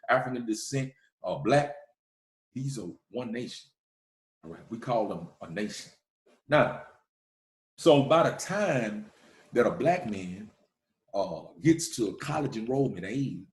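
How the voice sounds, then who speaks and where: A man's voice: mid-range voice, a little mellow, roomy sound. A man giving an emphatic, preaching lecture, often checking in with his listeners. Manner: emphatic, repeats "all right?" to the listeners.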